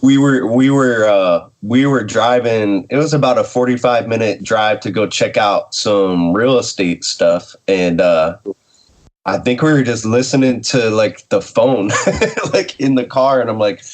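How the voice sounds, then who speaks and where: A man hosting a podcast, reading its intro and chatting casually, telling stories in a relaxed way. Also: fairly low pitch, unhurried. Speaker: podcast host.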